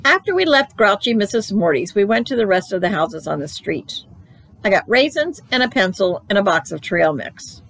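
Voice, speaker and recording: A woman reading a children's book aloud for a library, expressive and playful. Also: medium pitch, normal speed, vocal fry, low-quality recording. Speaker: library storyteller.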